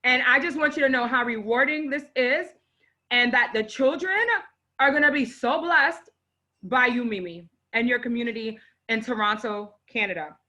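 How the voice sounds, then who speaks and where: Effusive, bright-voiced woman hosting a live show. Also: a little high, moderate pace. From Haitian parents. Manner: effusive, emotional, exclaiming. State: on the verge of tears. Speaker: host. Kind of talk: live online show, unboxing and introducing a guest.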